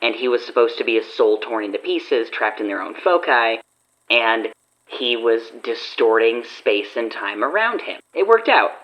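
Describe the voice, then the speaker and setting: A man's voice: medium pitch, big pitch swings, normal speed, highs cut off. A man co-hosting a podcast in easygoing casual chat, laughing along and agreeing often. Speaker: podcast co-host, voice actor.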